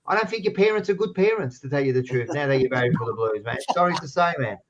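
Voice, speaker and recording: An Australian man co-hosting a casual footy podcast, loud and teasing, swearing freely. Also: mid-range voice, lively intonation, quick pace, dull audio, background noise. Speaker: podcast co-host.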